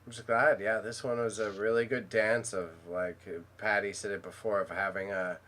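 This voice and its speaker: A man's voice: lowish voice, level tone, moderate pace, pushed and bright. A man co-hosting a casual livestream, joking and rambling with lots of fillers. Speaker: co-host of auction livestream.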